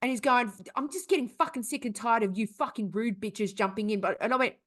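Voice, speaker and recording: A woman's voice: a little high, brisk, fairly bright tone. An Australian woman co-hosting a podcast, telling stories in casual chat, swearing freely and laughing often. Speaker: podcast co-host.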